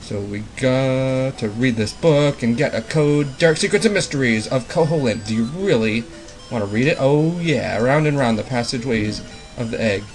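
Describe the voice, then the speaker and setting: A man's voice: medium pitch, expressive, normal speed, low-quality recording. A man hosting a let's play, rambling through casual commentary with playful puns and jokes. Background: game music.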